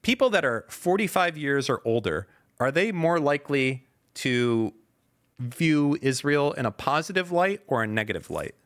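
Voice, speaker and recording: A man in casual podcast chat with a lively, wide-ranging voice at a middle pitch. He talks bluntly and swears freely, and flares up into loud outbursts. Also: moderate pace. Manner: animated, profane, blunt outbursts. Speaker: podcast co-host.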